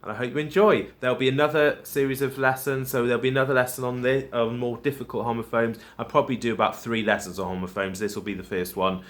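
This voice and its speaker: A man's voice: mid-range voice, level tone, fast, hardly any pauses. A man teaching a recorded lesson to primary pupils, explaining step by step and checking in with "okay?" after each point. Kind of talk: recorded home-learning lesson.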